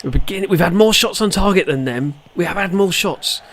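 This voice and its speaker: Male let's-player, slightly high voice, reacts loudly to every play. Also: brisk. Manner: excitable, shouts at the match, mutters in between. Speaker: gaming channel host. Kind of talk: live gameplay commentary.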